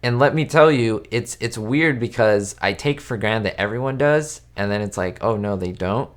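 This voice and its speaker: A man's voice: fairly low pitch, normal speed. Chatty man hosting a live chat. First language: Spanish. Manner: chatty, rambling, frequent fillers and restarts, greets viewers by name. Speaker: YouTube host answering live chat. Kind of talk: casual live-stream chat. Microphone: webcam setup.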